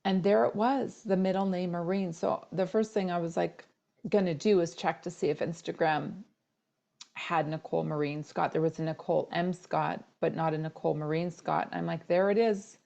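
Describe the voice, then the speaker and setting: A woman's voice: on the low side, fairly even intonation, normal speed, vocal fry, dark tone. A middle-aged woman hosting a solo podcast, telling a personal story in a candid, casual way with plenty of fillers. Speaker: podcast host.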